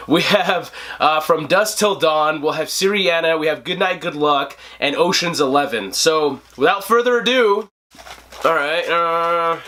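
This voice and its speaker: A man in his twenties hosting a casual movie review vlog, animated and joking, laughing often. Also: fairly high pitch. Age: 20s. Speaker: host.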